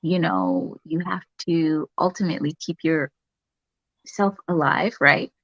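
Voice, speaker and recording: A calm, reflective woman chats as a guest in an interview, her voice sitting a little low. She talks softly and unhurriedly, with plenty of fillers. The sound is dry and slightly dull. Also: measured pace, dry recording. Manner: calm, reflective, soft-spoken with many fillers. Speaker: nurse guest. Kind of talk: casual interview chat.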